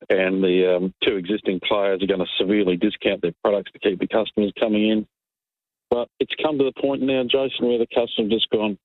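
A man's voice: lowish voice, level tone, fairly quick, no echo. A man with an Australian accent calling a talkback radio show, ranting in exasperation about red tape. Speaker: caller. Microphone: phone line. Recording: tinny phone line.

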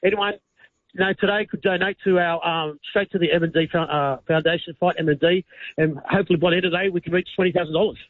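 A man's voice: sits high, steady tone, fast talker, no echo. A man calling in to a radio show, speaking in a hesitant, grateful way. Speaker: caller, club organiser. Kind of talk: phone-in call. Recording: tinny phone line.

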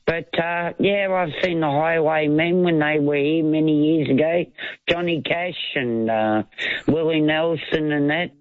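Rich: A man chats through a call to a talkback radio show, leaning on fillers as he goes. His voice sits fairly high. It arrives dull and muffled over the phone line, dry and close. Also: fairly even intonation, unhurried, dry recording. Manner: chatty, full of fillers.

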